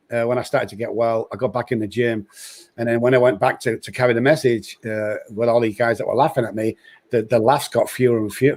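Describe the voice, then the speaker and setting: A man hosting a recovery talk, telling stories in a lively way and acting out the voices of the people he quotes. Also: medium pitch. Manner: lively storyteller who acts out quoted voices. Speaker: host and recovery speaker. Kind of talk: storytelling in casual conversation.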